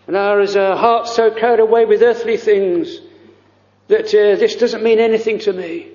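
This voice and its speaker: A man preaching a fervent, pleading sermon, full of drawn-out exclamations and quoted prayers. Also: high voice, fairly even intonation, a little mellow. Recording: lo-fi recording in a reverberant church.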